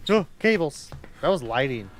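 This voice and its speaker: A young man reacts to a video with loose, joking commentary full of swearing. His voice sits a little high for a man and leaps up and down in pitch. A faint hiss runs underneath. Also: big pitch swings, normal speed.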